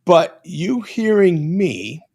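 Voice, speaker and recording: An American man speaks slowly and deliberately, setting up each question with care. His voice sits somewhat high for a man, and he stays polite and measured throughout. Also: sing-song, a little mellow. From United States. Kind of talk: casual conversation.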